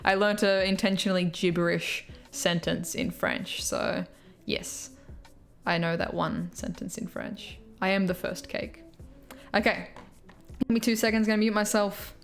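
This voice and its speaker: A young Australian woman chats casually on a live stream, answering comments one after another and laughing often. Her voice sits in a middle pitch, with faint music running behind her. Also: steady tone, a little slow. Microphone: headphones with mic.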